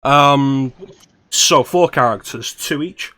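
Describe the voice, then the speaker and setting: A man's voice: medium pitch, slow pace, sharp tone. A man co-hosting a casual streamed chat, wry and joking as he plans a script reading. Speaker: podcast co-host.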